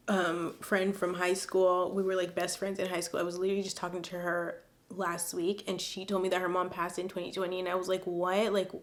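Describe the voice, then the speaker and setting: A woman vlogger chatting casually and emotionally about viewer letters, teary and expressive, with lots of fillers. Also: mid-range voice. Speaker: advice vlogger.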